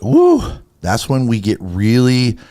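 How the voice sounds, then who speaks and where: Animated man preaching in a casual chat. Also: medium pitch, normal speed. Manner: emphatic and heated, acts out little quoted exchanges. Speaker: co-host of a Christian talk show. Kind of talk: casual faith talk, preachy.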